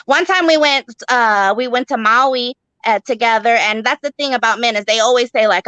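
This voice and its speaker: A woman's voice: on the high side, normal speed, sharp tone, clear, resonant tone, no echo, poor audio. A young woman doing a stand-up set, profane, rambling and brash. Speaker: stand-up comic.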